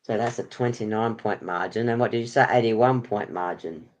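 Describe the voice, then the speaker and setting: A man with a lowish voice and a moderate pace hosts a casual sports podcast quiz. He rambles through it with plenty of ums and laughter.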